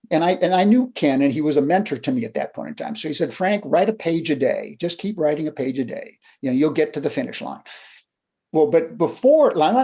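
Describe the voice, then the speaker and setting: An older man, a leadership coach, talking through lessons in a relaxed interview and acting out the people in his stories. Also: a little high, breathy edge. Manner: animated storyteller who acts out quotes. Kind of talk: conversational storytelling.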